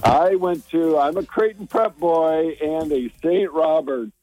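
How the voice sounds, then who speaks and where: A comedian in his thirties from Omaha, talking casually on a phone call to a radio morning show, halting and self-deprecating with many restarts. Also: fairly high pitch, music in the background. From Omaha, Nebraska.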